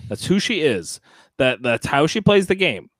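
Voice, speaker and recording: A man in casual podcast chat, recapping a reality show and mocking contestants with squeaky impressions. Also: sing-song, normal speed, a bit bright, dry recording.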